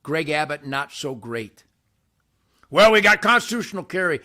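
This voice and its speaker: An older man hosting his own show, ranting boastfully to camera by a campfire outdoors, with wild swings between shouting and muttering. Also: sing-song, normal speed. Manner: brash, boastful, loud swings in pitch and volume.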